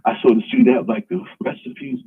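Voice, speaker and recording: A man's voice: medium pitch, animated, normal speed, a little hiss or hum. A man hosting a live stream, delivering an emphatic, preachy, provocative monologue. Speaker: host. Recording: tinny phone-like line.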